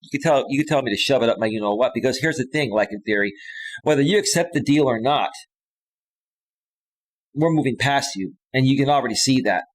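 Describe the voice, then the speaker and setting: A man in his thirties rants on a live stream, combative and heated, hammering the same phrases again and again. His voice sits in an ordinary middle pitch. He talks close to a clean studio microphone. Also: brisk. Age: 30s. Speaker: live stream host, life coach. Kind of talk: ranting live stream monologue. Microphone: close studio microphone with a limiter.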